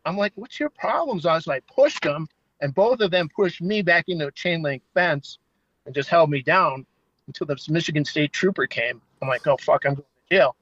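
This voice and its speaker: Male guest, animated storyteller who swears freely, heard over a muffled call. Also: a little high, fairly quick, no room sound. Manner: animated, swearing, acts out quotes. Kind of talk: casual storytelling. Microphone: phone line. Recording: dull phone-line audio.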